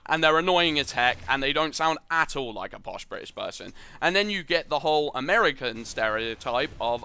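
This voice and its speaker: A man's voice: medium pitch, expressive, a little fast, vocal fry, few pauses, bright, forceful tone, clean tone. A young man giving earnest, rambling voice-over commentary over gameplay, opinionated and full of fillers. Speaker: gaming channel host.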